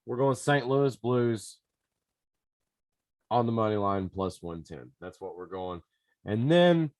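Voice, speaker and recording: A man hosting a podcast, giving sports betting picks in an excitable, casual way and talking straight to his listeners. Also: medium pitch, no echo, clean studio sound. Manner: excitable, talks to listeners directly. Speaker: podcast host.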